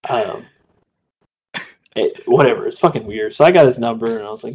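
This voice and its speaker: Gravelly laid-back podcast host guy. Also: mid-range voice, expressive, fairly quick, pauses often, a little mellow, poor audio. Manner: laid-back, slangy, says "like" and "dude" a lot. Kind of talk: casual storytelling chat.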